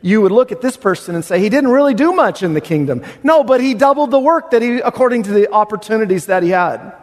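A male pastor preaching in a church, his fairly high voice leaping up and dropping low as he moves from hushed to exclaiming. The sound carries the long reverb of a large hall. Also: fast talker. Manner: animated, swings from hushed to exclamatory. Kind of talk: expository sermon.

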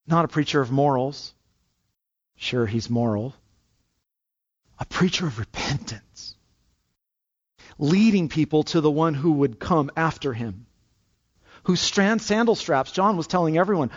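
A man's voice: fairly high pitch, expressive, a little slow, long pauses, highs cut off. A man preaching a sermon, emphatic and repeating his key phrases for weight.

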